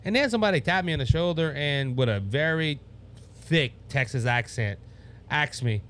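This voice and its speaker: A man's voice: on the high side, animated, moderate pace, fairly bright tone, a little hiss or hum. Rambling Cajun-accented man hosting a show. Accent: Cajun Louisiana. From Louisiana. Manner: rambling, stumbles over words and restarts, laughs at himself. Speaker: podcast host. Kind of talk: casual political talk show.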